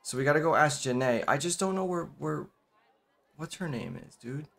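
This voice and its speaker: A man's voice: fairly high pitch, expressive, normal speed, creaky, fairly bright tone. A man giving casual let's-play commentary, rambling with lots of fillers and repeated "okay.". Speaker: gameplay commentator.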